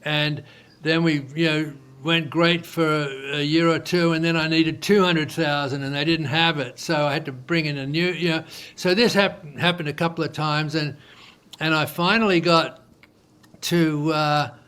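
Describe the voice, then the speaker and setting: An entrepreneur appears as a guest in an interview, casually recounting his business story in loose speech packed with fillers. His voice is a little high, clear, and resonant, at a normal speed, and he tells the story with animation, acting out the quoted dialogue.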